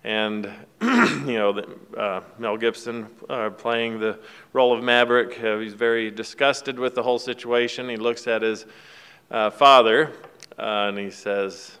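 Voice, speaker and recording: A man's voice: mid-range voice, steady tone, a little slow, fairly bright tone, clean tone. A man giving a casual devotional talk, retelling a film scene in a folksy, rambling way with fillers and restarts. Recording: long hall reverb.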